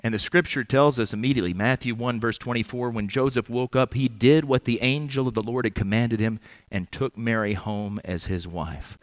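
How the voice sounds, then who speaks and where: A man preaching an earnest, measured sermon in church, with touches of gentle humor. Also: fairly low pitch, no echo.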